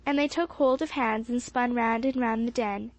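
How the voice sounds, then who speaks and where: A woman narrating a children's story in a steady audiobook reading. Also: a little high, normal speed, no echo. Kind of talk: scripted narration.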